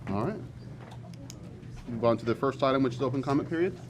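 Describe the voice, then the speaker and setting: Brisk male meeting chair, noisy room. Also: mid-range voice. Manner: brisk, procedural.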